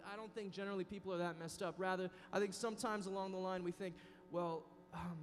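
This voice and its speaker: Lively male youth preacher with a high voice; large reverberant hall. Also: very fast, a little hiss or hum. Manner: dynamic, acts out inner voices. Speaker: youth conference speaker. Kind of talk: sermon. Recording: reverberant hall with soft music.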